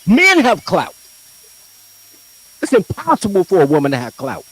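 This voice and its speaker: A man's voice: high-pitched, wildly swooping pitch, normal speed, fairly bright tone, breathy edge. A man co-hosting a podcast, arguing bluntly and provocatively in a heated casual debate, acting out quoted voices. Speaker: podcast co-host.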